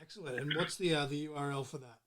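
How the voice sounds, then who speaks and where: A man's voice: fairly high pitch, fast talker, noisy background. A man hosting a podcast interview in a chatty, jokey manner, laughing often. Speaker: podcast host. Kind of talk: casual interview chat.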